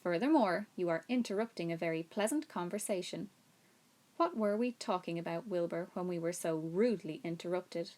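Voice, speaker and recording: A woman reading a storybook aloud, voicing a wise, motherly female spider in a calm, reassuring and slightly brisk way. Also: lowish voice, natural voice. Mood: sharp.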